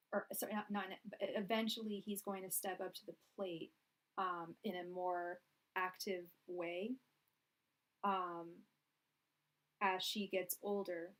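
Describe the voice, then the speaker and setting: Casual woman reading tarot cards. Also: medium pitch. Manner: casual, rambling, many fillers and restarts; projecting loudly so the audio carries. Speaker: tarot reader. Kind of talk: live-stream tarot reading.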